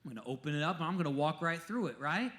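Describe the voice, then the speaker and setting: A man preaching a sermon as a pastor, telling stories emphatically and dropping to a hush at times. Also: a little high, rapid-fire. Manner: animated, emphatic storytelling with sudden drops to a hush.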